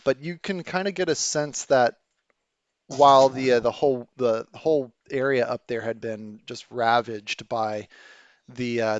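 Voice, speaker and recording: Rambling game master, muffled audio. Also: male voice, mid-range voice, no echo. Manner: rambling, many fillers and restarts. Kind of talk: narrating a tabletop game.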